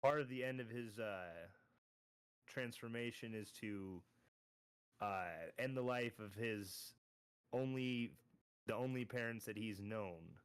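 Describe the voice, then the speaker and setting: Calm dm guy describing scenes, clean lowish voice, no room sound. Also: takes it slowly, long pauses, clean tone, no room sound. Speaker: game master. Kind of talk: narrating a tabletop game.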